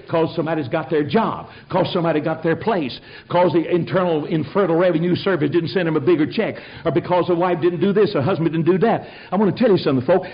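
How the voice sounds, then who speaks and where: An older man preaching a sermon in a fiery, folksy way, rising to shouted peaks. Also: on the high side, slightly rough, muffled recording. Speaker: pastor.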